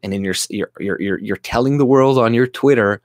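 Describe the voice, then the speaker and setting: A man's voice: mid-range voice, brisk, no room sound, clean studio sound. A Canadian man ranting casually about politics, profane, with frequent restarts and mocking quoted voices. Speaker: political commentary vlogger.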